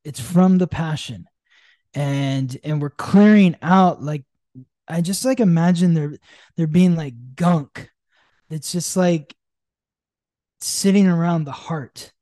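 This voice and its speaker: A man with a mellow, warm voice, recorded dry and close. He explains astrology in a loose, chatty way, full of fillers and restarts. Now and then he acts out quoted lines with sudden jumps in pitch. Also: slow, long pauses, no room sound. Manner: rambling, many fillers and restarts. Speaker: astrology podcast co-host. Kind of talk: casual conversational explanation.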